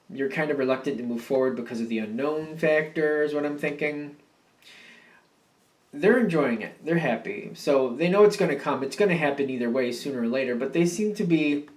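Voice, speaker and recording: A man's voice: fairly high pitch, a little mellow, recorded from a distance. A man giving a casual tarot reading, musing and rambling with many fillers and restatements. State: yawning, a bit drowsy. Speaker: tarot reader. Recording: roomy sound from off the mic.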